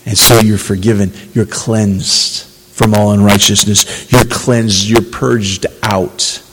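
A man's voice: lowish voice, flat delivery, takes it slowly, a bit bright, husky. Guy preaching a sermon, earnest and fired up at times, voice ringing around a big hall. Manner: earnest, rising to emphatic preaching. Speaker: pastor.

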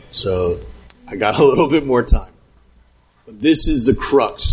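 A man preaching a sermon as a pastor, lively and conversational, acting out little scenes and sometimes shouting. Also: mid-range voice, slightly rough, low-quality recording.

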